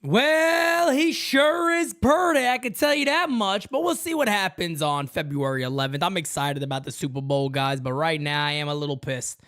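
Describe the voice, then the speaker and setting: A man hosting a live fan stream, ranting excitably with swearing and casual banter. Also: fairly high pitch, normal speed, few pauses. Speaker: host. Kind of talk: live-stream sports talk.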